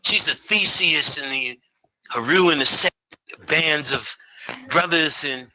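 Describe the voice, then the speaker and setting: A man's voice: fairly high pitch, a little slow, pauses often, bright, forceful tone, rough recording. A man giving a live lecture, profane and streetwise, full of joking asides.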